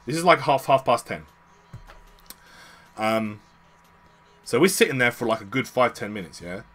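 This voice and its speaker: Bright-voiced British man telling a story. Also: medium pitch, normal speed, faint music behind. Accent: British English. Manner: slangy, swearing, animated retelling. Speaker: streamer. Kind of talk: casual storytelling.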